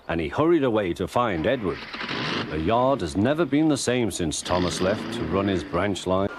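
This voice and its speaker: Lively man reading a storybook. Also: low voice, normal speed, slight background noise. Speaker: narrator. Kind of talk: storybook narration.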